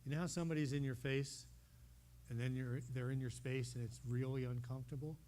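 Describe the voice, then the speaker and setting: A man telling a healing testimony to a congregation in a meeting room, talking straight to his listeners as an animated storyteller. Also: medium pitch, a little fast, a little hiss or hum. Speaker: speaker sharing a healing testimony. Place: meeting room holding about a hundred people.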